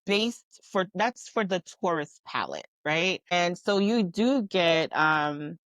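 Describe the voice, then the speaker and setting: A woman's voice: on the low side, slow pace, dry recording. A Jamaican-born woman guest with a light Jamaican accent, talking candidly and with animation in a casual conversation. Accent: light Jamaican, mostly North American. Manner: candid, animated storytelling with laughs.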